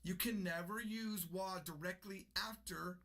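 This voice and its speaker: A man's voice: sits high, steady tone, a little slow, over a noisy crowd. A man teaching a casual online lesson with energy, repeating example sentences aloud. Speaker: language teacher.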